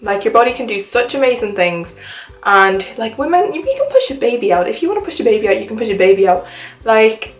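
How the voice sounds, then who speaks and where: Talking to camera in her home, this 21-year-old Irish woman is chatty, upbeat and full of "like", with an Irish accent mixed with hints of Liverpool and American speech. She sounds fairly high-pitched and very animated at a quick pace. The audio is poor and the room echoes.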